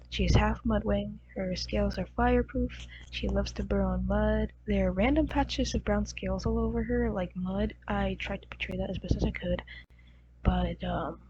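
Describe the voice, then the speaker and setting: A woman with a groggy, crusty morning voice, casually rambling and giggling as she shows off her characters. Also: medium pitch. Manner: rambling, giggly, lots of fillers. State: groggy, crusty voice from just waking. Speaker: channel host. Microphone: poor-quality home mic. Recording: dull muffled mic with faint hum.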